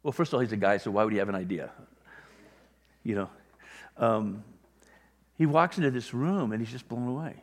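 A man's voice: mid-range voice, a little fast, long pauses. A man preaching a sermon in a conversational way, briefly acting out the voices of people he describes. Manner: conversational, acts out little quoted voices. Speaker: pastor. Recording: long hall reverb.

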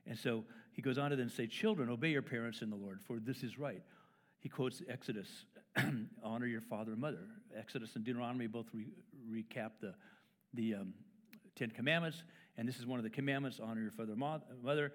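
A man's voice: medium pitch, fairly quick. A middle-aged man preaching a sermon in a church, conversational and playful, acting out quoted fathers with stammers and asides. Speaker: pastor. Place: church sanctuary.

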